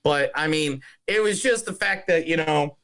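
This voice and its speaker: A man co-hosting a movie podcast, chatting casually in a lively, profane way with frequent restarts. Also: on the high side, normal speed. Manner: animated, profane, lots of restarts and laughter. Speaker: podcast co-host. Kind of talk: casual movie review chat.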